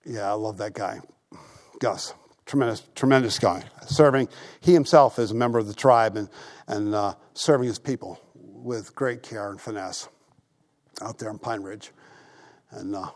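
A male pastor preaching a sermon in a church, telling stories in a lively, conversational way and repeating his phrases. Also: mid-range voice.

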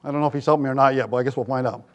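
A man preaching a sermon as pastor, animated, jumping to loud, high quoted voices and dropping into wry asides. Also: racing. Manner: animated, rises to shouts for quoted voices, self-deprecating asides. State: tired.

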